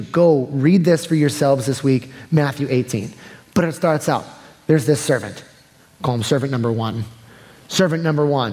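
A pastor preaching a sermon in a relaxed, conversational way that turns soft and earnest. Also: male voice, mid-range voice. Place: church sanctuary. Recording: long hall reverb.

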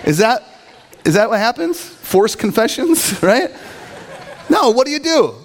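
A man's voice: very high voice, very animated, a little slow, a little hiss or hum. A middle-aged man giving a sermon as a pastor, telling stories animatedly, acting out quoted voices and laughing often.

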